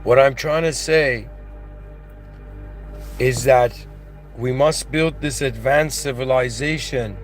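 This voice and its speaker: A man's voice: mid-range voice, takes it slowly, pauses often, faint music behind. A man giving a philosophical monologue, earnest and growing emotional as he talks. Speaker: channel host.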